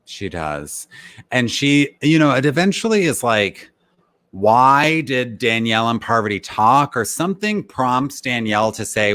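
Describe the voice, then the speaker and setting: A man's voice: medium pitch, unhurried. A man co-hosting a podcast, chatting casually through a recap and acting out quotes with animation. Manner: animated retelling with acted-out quotes. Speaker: podcast co-host.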